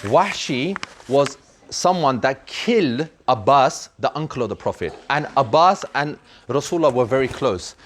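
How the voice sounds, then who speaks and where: A man's voice: mid-range voice, animated, normal speed, slight background noise. A man telling a story to children in an earnest, emphatic way, repeating words for effect.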